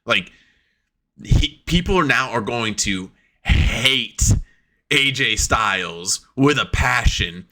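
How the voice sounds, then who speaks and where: A man co-hosts a casual podcast chat in a bright, edgy, tense voice. He gets excitable fast, swearing freely and acting out his reactions as he goes. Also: medium pitch. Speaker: podcast co-host.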